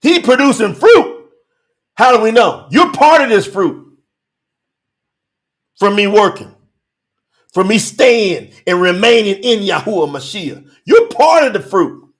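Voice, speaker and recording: High-voiced, lively, fervent male preacher. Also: a little slow, long pauses. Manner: emphatic, rousing, rhetorical questions; breaks into shouting. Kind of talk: sermon with scripture reading.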